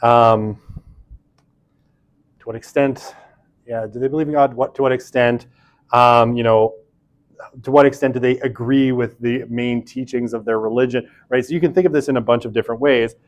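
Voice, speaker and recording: A man's voice: medium pitch, steady tone, moderate pace, pauses often. A man giving a casual university lecture, chatty, full of fillers and self-deprecating asides.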